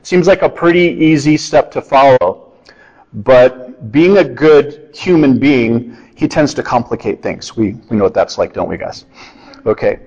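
A man's voice: medium pitch, lively intonation, unhurried, darkish tone. A middle-aged man preaching a sermon in a conversational, storytelling way, acting out the quotes. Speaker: pastor. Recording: dull lo-fi sound.

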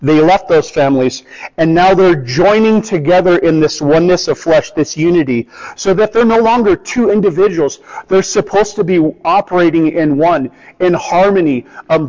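A pastor preaches a sermon conversationally, acting out the voices of the people he quotes. His voice is high-pitched and a little mellow, captured on a dull lo-fi recording with long hall reverb.

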